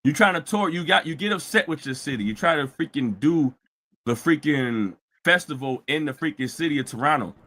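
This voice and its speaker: Bright-voiced man ranting on a stream. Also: on the high side, expressive, brisk. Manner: heated, mocking, repetitive ranting with frequent shouting. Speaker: show host. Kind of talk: live-streamed commentary rant.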